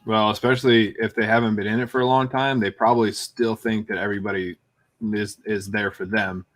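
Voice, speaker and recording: A man in casual conversation, adding short, calm comments to a friend's stories. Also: lowish voice, fairly quick, no echo. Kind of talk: casual chat.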